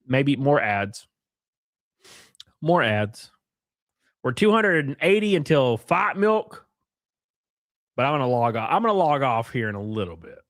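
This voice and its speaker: A young man talks loosely to his live-stream audience, swearing and laughing as he riffs on viewer comments. His voice sits in an ordinary middle pitch and sounds dry and close, with no room around it. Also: big pitch swings, a little slow, pauses often, a bit bright, no room sound. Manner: crude, joking, laughs often. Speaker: livestream host.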